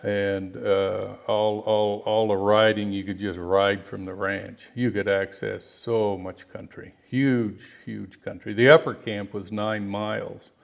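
A middle-aged man, a rancher and outfitter, telling stories in an interview in a halting, rambling way with many restarts. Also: lowish voice, flat delivery, vocal fry. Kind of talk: storytelling interview guest.

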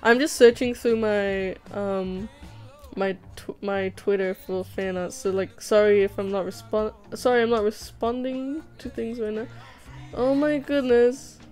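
A woman's voice: medium pitch, fairly even intonation, measured pace, a little mellow, poor audio. Giggly young woman streaming over music. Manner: chatty, giggly, reads chat aloud, swears. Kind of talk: casual livestream chat while drawing. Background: background music.

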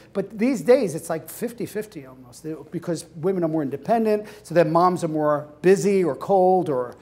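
A man teaching a class in an animated way, acting out scenes and laughing often. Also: on the high side. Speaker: hypnotherapy instructor. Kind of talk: lecture with acted-out examples.

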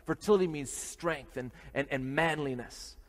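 A man from Canada giving a morning homily as a priest, lively and joking, with many restarts. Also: on the high side, moderate pace. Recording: long hall reverb.

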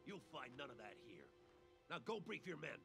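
An actor playing an authoritative American colonel giving orders in a war game. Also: male voice, mid-range voice, big pitch swings, normal speed, creaky. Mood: commanding. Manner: curt, authoritative. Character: bold commanding male American colonel. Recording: game audio over game music.

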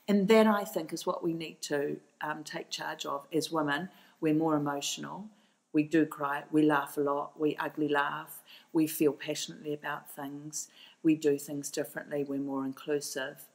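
A middle-aged New Zealand woman with a low, steady voice talks about her work as a documentary filmmaker in a podcast interview, answering with passion and conviction at a normal speed. She is emphatic and often restarts her sentences as she presses her point. The recording quality is low.

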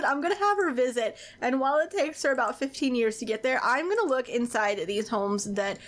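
A woman giving casual gameplay commentary as a YouTuber, gushing and excitable, with frequent gasps and exclamations. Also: high voice, a little fast, hardly any pauses.

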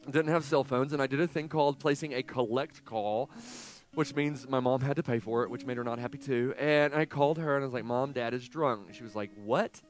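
Man, 40s, pastor, sermon storytelling, animated delivery, mid-pitched voice, soft guitar behind. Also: fast talker. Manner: animated storyteller, swinging from hushed to loud. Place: church sanctuary.

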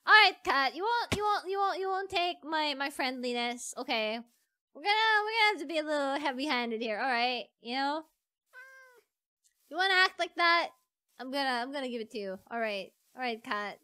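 A woman streamer giving casual gameplay commentary, excitable and pleading as she coaxes a pet. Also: high-pitched, moderate pace, no echo.

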